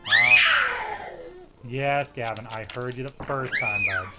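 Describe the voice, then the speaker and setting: A young man giving casual play-by-play commentary on a hockey video game, muttering between plays and yelling when the action heats up. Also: mid-range voice, fairly even intonation, measured pace, loud music behind the voice. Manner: swings from muttering to shouting at big plays. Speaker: let's play host.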